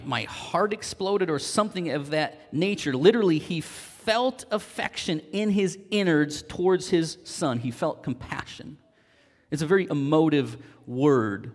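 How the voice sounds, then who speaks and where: A man preaching a sermon, earnestly explaining word meanings and pressing the point with animated emphasis. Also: fairly high pitch, big-room sound. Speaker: pastor.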